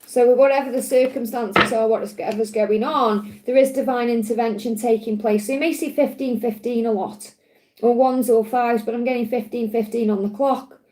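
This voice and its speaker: A woman with a Stoke-on-Trent accent, giving a gentle, chatty card reading on a live stream and answering viewers. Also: fairly high pitch, fairly even intonation, moderate pace, low-quality recording. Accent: Stoke-on-Trent English. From England. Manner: gentle, reassuring, chatty with frequent restarts. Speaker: tarot and angel card reader.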